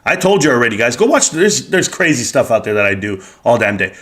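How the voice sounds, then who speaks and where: A man's voice: mid-range voice, very animated, fast talker, few pauses, fairly bright tone. A man hosting a livestream, ranting in a blunt, heated and profane way as he reads the chat. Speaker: livestream host.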